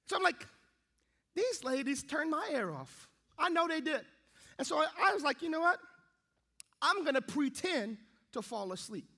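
Young male preacher, very high and forceful voice, animated storyteller. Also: normal speed, creaky, pauses often. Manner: lively storytelling, acting out his own thoughts. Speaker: pastor. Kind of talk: sermon with a comic personal story.

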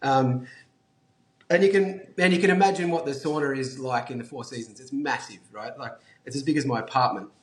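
A man with an Australian accent, a guest telling a story in a casual, animated way, swearing freely and saying "like" and "um" a lot. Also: medium pitch, fairly quick, reverberant. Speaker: guest, brand founder.

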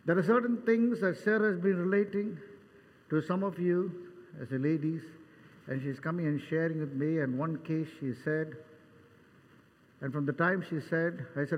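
An older man preaching a sermon as pastor, dramatic, acting out Bible scenes with voices and swinging between loud and soft. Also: on the high side, moderate pace, lo-fi sound. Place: church hall. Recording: long church reverb.

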